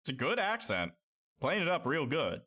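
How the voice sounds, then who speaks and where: A man co-hosting a game stream, chatting casually, laughing and swearing excitably. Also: a little high, normal speed. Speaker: streamer, co-host. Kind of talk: casual let's-play chat.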